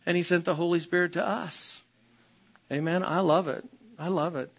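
A man's voice: high voice, fairly even intonation, moderate pace, slightly rough, dull audio. A man preaching a sermon as pastor, emphatic and repetitive, often calling out "Amen?" to his congregation. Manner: emphatic, repeats phrases, calls out "Amen?" to the congregation.

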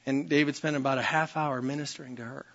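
A man's voice: medium pitch, steady tone, fast talker, fairly bright tone, muffled recording. A man preaching a sermon as pastor, emphatic and repetitive, often calling out "Amen?" to his congregation. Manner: emphatic, repeats phrases, calls out "Amen?" to the congregation.

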